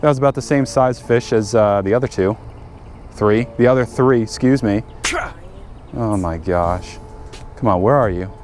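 A man's voice: on the low side, moderate pace, pauses often, a little mellow, slight background noise. A man talking casually to viewers while working on his car and fishing at a lake, chatty and easily frustrated. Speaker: fishing vlogger. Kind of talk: casual vlog narration. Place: outdoors by a lake.

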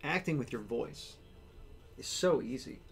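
A man's voice: mid-range voice, animated, measured pace, a little hiss or hum. A man chatting casually and rambling as he draws, with lots of fillers. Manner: rambling, filler-heavy, laid-back. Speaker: artist sketching on stream. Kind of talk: casual chat while drawing.

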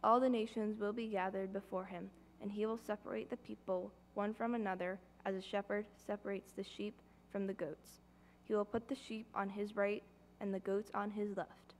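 Woman reading scripture in a flat, gravelly voice. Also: medium pitch, normal speed, slight background noise. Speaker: scripture reader. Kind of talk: reading scripture aloud in church.

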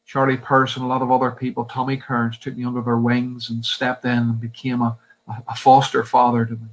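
A man in his fifties with a Northern Irish accent, a pastor telling his life story as a sermon testimony in earnest, with emphatic pauses. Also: mid-range voice, monotone, low-quality recording. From Northern Ireland.

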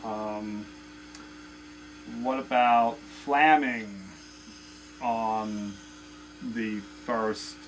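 A man's voice: lowish voice, fairly even intonation, extremely slow, pauses often, slight background noise, poor audio. A man teaching a casual drum lesson, counting beats and chanting stroke names aloud in a loose, chatty way. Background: loud drumming.

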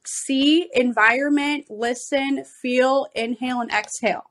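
A woman's voice: sits high, steady tone, a little slow, a bit bright. A woman parenting coach, a podcast guest, patiently explaining ideas step by step. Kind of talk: podcast interview.

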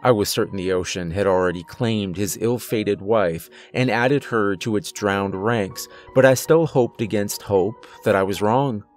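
A man reading a horror story aloud as scripted narration, in a measured storytelling manner. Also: fairly low pitch, faint music behind.

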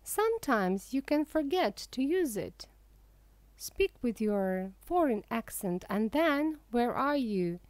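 A woman narrating a humorous audiobook for English learners, reading in a careful, even way. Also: high-pitched, slow, no echo.

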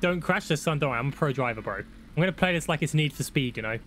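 A young man giving excitable, laddish commentary on a road trip game with friends. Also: on the high side, fast talker, a little hiss or hum. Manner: excitable, shouts when startled, laddish banter. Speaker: gaming YouTuber. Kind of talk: casual gameplay commentary.

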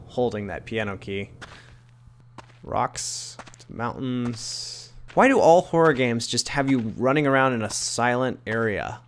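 A man's voice: fairly low pitch, slight background noise. A man giving casual, sarcastic commentary while playing a horror game, laughing and yelping at the scares. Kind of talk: casual let's-play commentary.

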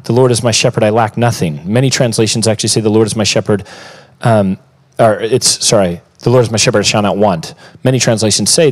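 A man preaching in a church at a middle pitch for a man. He lists scripture references at a steady clip. When he slips on a verse, he stops and corrects himself. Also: rough recording. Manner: cites scripture references in a steady run, with small self-corrections. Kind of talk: sermon.

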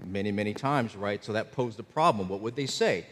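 A man's voice: lowish voice, animated, a little fast, husky, big-room sound. A man preaching a sermon as pastor, explaining scripture in a conversational teaching manner with frequent checks on his listeners. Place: church.

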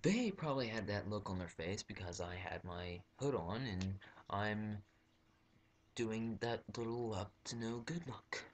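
Deep-voiced young man telling a story. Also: a little slow. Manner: rambling, full of fillers and restarts. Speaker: vlogger. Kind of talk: comic storytelling.

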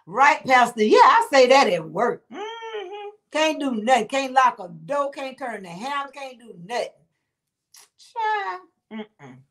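A woman with a high, sing-song, slightly bright voice hosts a casual livestream, taking things slowly. She reads viewer comments, laughs often and calls her viewers honey and baby.

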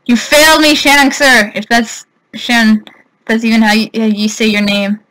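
A woman's voice: a little high, fairly even intonation, moderate pace, low-quality recording. A woman gamer giving let's play commentary, panicky, yelping and wailing as she plays. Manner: panicky, yelps and wails. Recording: loud game music behind. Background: game music.

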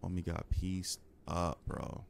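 A man playing a horror game on his channel, trash-talking and reacting loudly in slangy casual commentary over game sound. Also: deep voice, steady tone, slow, gravelly, slight background noise. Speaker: gaming channel host. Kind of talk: casual let's-play commentary.

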